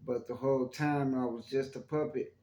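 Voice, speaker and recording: A man's voice: mid-range voice, steady tone, normal speed, mellow, roomy sound. A man hosting his own channel, talking to viewers in a rambling, chatty monologue about his faith. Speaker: YouTube channel host. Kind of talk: casual spoken monologue on faith.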